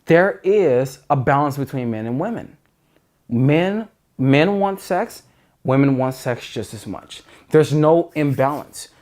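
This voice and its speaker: A man's voice: mid-range voice, expressive, slow, darkish tone. A man giving dating advice in an earnest, emphatic monologue, often restarting sentences. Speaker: dating coach.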